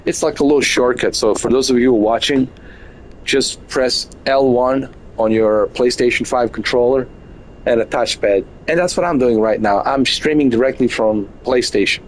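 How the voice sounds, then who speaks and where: A man streams a flight game from his bedroom, chatting casually at a middling pitch. He jokes constantly, grumbling in overblown mock complaint. A faint hiss sits behind him. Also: low-quality recording. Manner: joking, exaggerated mock complaints with laughs. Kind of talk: casual live gameplay commentary. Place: bedroom at home.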